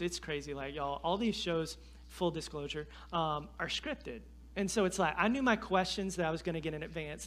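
A man, telling a story in a sermon in an animated, self-deprecating way. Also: on the high side, a little hiss or hum. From North Carolina. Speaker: guest preacher.

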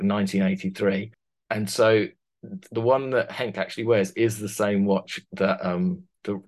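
Guy chatting about his design work, lowish voice, lots of restarts and laughing. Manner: rambling, many restarts, laughs through stories. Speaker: costume designer, guest. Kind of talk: casual interview chat.

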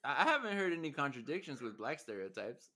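A man's voice: medium pitch, big pitch swings, fast, pushed and bright. A man co-hosting a podcast in loose, joking chat, laughing often and slipping into joke voices. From Mexico. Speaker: podcast co-host. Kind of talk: casual podcast banter.

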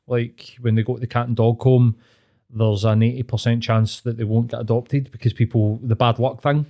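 A Glaswegian man chatting on a podcast in a loose, crude, laid-back way, dropping swear words as he tells stories. His voice sits at an ordinary, middle pitch for a man. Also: little pitch movement, moderate pace, mellow. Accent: Glaswegian Scottish. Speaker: podcast co-host. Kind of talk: casual podcast chat.

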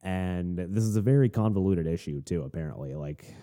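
A podcast host with a low, warm voice spins a long, rambling anecdote with wry, self-deprecating humor. He talks fairly quickly and animatedly, barely pausing, in a general non-Southern American accent. It's casual storytelling.

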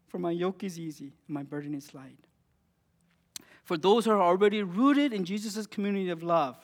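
A high-voiced man preaches a sermon with earnest intent, building points through rising, emphatic phrases before sinking to lines spoken almost quietly. A large church hall gives the sound a long reverb.

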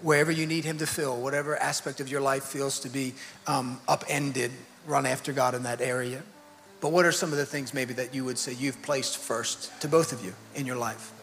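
A man hosting a church leadership panel, relaxed and joking, then turning earnest as he exhorts. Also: mid-range voice, normal speed, soft background music. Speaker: pastor and panel host. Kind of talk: conversational panel talk. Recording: faintly noisy hall reverb.

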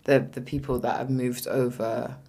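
A young woman co-hosting a podcast, slangy and animated, quick to laugh. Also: rumbling low, vocal fry. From Britain, Somali family. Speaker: podcast co-host. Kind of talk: casual chat.

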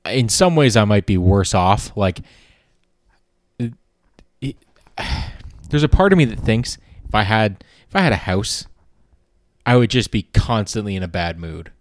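A man's voice: fairly low pitch, animated, unhurried, dry recording, studio quality. A man hosting a podcast in a casual comedic monologue, rambling and sardonic and swearing freely. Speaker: podcast host.

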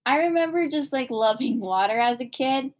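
A young woman chats casually with her mother, her voice pitched a little high. She is easygoing and giggles often as she recalls childhood moments. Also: expressive, moderate pace. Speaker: daughter. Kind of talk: casual family chat.

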